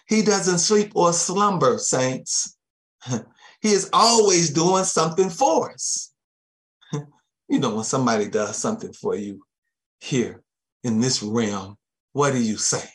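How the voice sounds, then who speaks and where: A man preaching a sermon, chuckling often and dropping amens and soft thanks to Jesus between his points. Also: mid-range voice, lively intonation, slow pace, pauses often.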